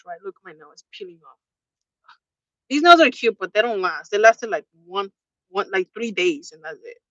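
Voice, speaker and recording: A woman's voice: medium pitch, pushed and bright, no room sound, muffled recording. A young woman vlogging a candid personal storytime, chatty and open, spelling out swear words. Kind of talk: casual storytime.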